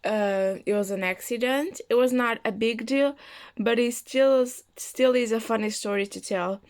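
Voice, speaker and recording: A woman vlogger casually telling a funny personal story in a chatty, rambling, amused way. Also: a little high.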